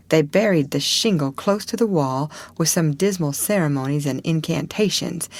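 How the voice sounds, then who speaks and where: A woman reading a novel aloud as audiobook narration, in a measured, deliberate way. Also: low voice, a little mellow. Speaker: audiobook reader. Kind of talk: scripted narration.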